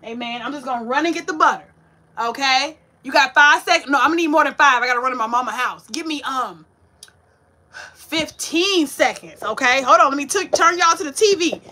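A woman's voice: high voice, brisk. A woman hosting a casual home-kitchen cooking livestream, chatty and sassy, talking straight to her viewers. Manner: chatty, animated, talks to viewers, sassy Southern-flavored slang. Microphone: ring light setup.

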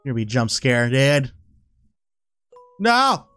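A man playing a horror game on a headset mic, excitable, laughing often and swearing at the game. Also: medium pitch, takes it slowly, clear, resonant tone, soft background music. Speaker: gaming YouTuber. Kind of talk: let's-play commentary.

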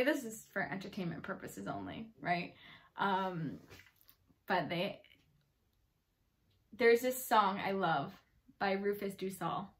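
A woman's voice: mid-range voice, very animated, slow, long pauses. A woman giving a casual tarot reading, chatty and bubbly, rambling with fillers and playful asides. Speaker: tarot reader.

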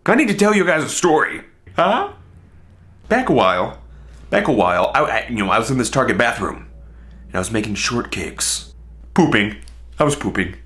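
Young man telling an animated comic story. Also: mid-range voice, normal speed, pauses often. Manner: animated, exaggerated comic delivery. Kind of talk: comedic story monologue.

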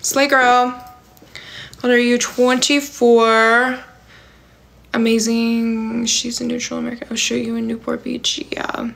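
Young woman, slightly high voice, casual rambling livestream host. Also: flat delivery, slow, gravelly, a bit bright. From California. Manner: rambling and filler-heavy, many "like" and "um". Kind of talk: casual livestream chat, reading viewer comments.

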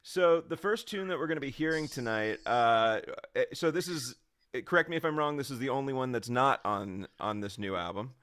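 A man's voice: mid-range voice, expressive, brisk, a bit bright, clear, resonant tone, dry recording. A man hosting, reading out a guest introduction and then interviewing, with small stumbles and restarts. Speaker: host.

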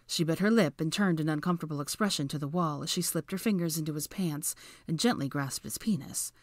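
A woman reading fan fiction aloud as audiobook narration, in a measured, even manner. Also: sits low, no room sound.

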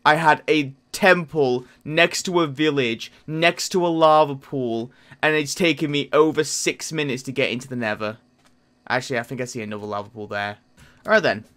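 A man giving casual gameplay commentary as a YouTuber, excitable and self-mocking, bursting into loud outbursts. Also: on the high side. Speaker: gaming YouTuber.

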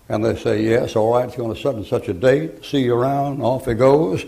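Folksy older preacher, gravelly. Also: male voice, mid-range voice, normal speed, dark tone. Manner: folksy, joking, acts out voices in stories. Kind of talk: folksy sermon with stories.

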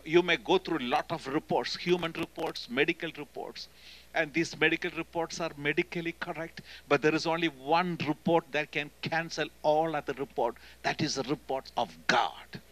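A man with an Indian accent preaching a sermon in church as a guest speaker, emphatic and swinging between loud and hushed delivery. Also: fairly high pitch, fairly even intonation, normal speed, low-quality recording. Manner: emphatic, often calling "hello?" to the congregation.

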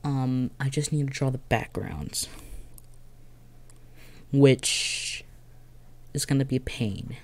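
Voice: mid-range voice, slow, long pauses, a little mellow. A video creator chatting casually about their own videos, rambling and giddy with frequent restarts and laughs, while having a headache. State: has a headache. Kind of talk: casual vlog commentary.

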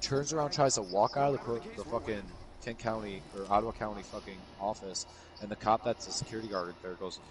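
A man's voice: fairly low pitch, fast. Young man telling swearing stories. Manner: swearing, animated storyteller. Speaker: streamer. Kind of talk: casual chat while gaming. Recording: game noise behind. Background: video game sounds.

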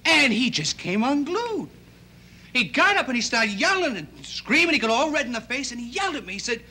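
A young actor plays an earnest, idealistic teenage boy in a 1960s TV drama, speaking haltingly and rambling with many restarts. His voice sits high and sing-song with a sharp tone, and the performance is heavily acted.

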